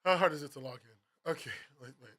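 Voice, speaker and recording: A man's voice: a little high, quick pace, pushed and bright. A man reviewing webcomic platforms in a profane, exasperated rant, laughing through it. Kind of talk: ranting commentary.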